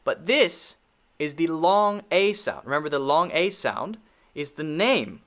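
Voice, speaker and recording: A man with an American accent teaching a pronunciation lesson, patiently repeating model words with clear emphasis. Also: fairly high pitch, animated, a little slow, fairly bright tone.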